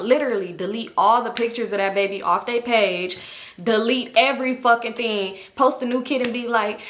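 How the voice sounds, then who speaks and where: A woman's voice: fairly high pitch, brisk, fairly bright tone. A young woman telling a gossipy storytime, acting out quoted dialogue and swearing freely. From Los Angeles area. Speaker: vlogger. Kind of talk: casual storytime.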